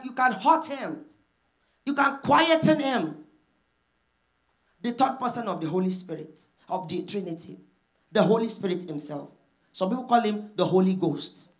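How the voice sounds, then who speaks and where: Fairly high-voiced woman preaching emphatically. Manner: emphatic repetition with call-and-response; acts out prayers in quoted voices. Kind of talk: sermon.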